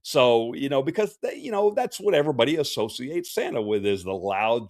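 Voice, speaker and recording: A professional Santa performer hosts a casual livestream Q&A, speaking in a folksy, chatty style full of fillers and restarts. His medium-pitched voice swings widely, moves fairly quickly, and sounds a little mellow. The studio-quality recording has no room sound.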